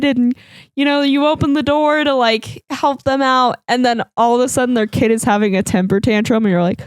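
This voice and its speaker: A woman's voice: high voice, moderate pace, clean tone, no room sound. A woman co-hosting a podcast in casual chat, chatty and laughing often. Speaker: podcast co-host. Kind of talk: casual chat about a horror film.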